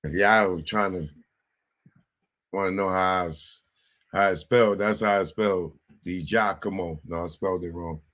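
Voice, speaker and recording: A man's voice: low-pitched, steady tone, normal speed, a bit bright. A man giving casual comedic commentary, muttering to himself while he looks something up.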